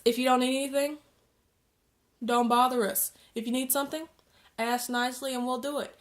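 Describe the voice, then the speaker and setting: Chatty young woman ranting to camera. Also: mid-range voice. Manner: chatty, rambling, sarcastic asides. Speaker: vlogger. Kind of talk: casual ranting vlog.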